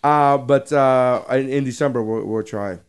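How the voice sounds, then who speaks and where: A man in his thirties from Nicaragua, a comedian telling jokes on a casual podcast, laughing often and dropping his voice low for punchlines. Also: normal speed, clean tone.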